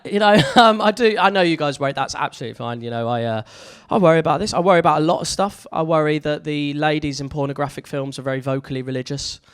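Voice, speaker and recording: An English man performing stand-up comedy, his voice sitting a little high for a man. He rambles and stumbles through restarts and fillers, poking fun at himself as he goes. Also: fast talker, few pauses, clear, resonant tone. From England. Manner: rambling, self-deprecating, hesitant with fillers and restarts. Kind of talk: live stand-up comedy set.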